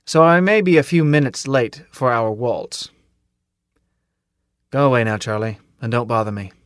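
A man's voice: mid-range voice, moderate pace, no echo, natural voice. A man voicing a hard-driving army drill sergeant with a dry, weary grumble. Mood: grumbling.

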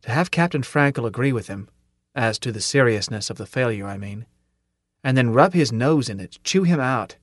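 A man reading first-person audiobook narration in a steady, measured way. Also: medium pitch, no echo, clean studio sound.

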